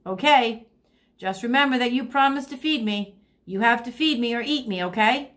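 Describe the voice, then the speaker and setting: A woman's voice: a little high, normal speed, fairly bright tone, pitched above the performer's own voice, lightly acted. A woman voicing a bossy, hungry young female bird who can't fly, demanding and pouting.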